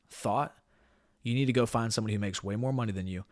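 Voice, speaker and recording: Dude mentor ranting motivation, swears a lot, repeats himself for punch, dry sound. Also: male voice, fairly low pitch, fast, no echo. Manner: blunt, profane, emphatic repetition. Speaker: business mentor. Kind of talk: motivational talk to a team.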